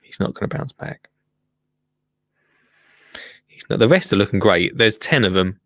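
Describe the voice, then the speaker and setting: A man hosting a casual livestream, chatting and joking as he reacts to a gardening show. He often restarts his sentences and coos at his plants in a high, sing-song voice. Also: expressive, moderate pace, vocal fry, a bit bright, no echo, clean studio sound. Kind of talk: casual chat.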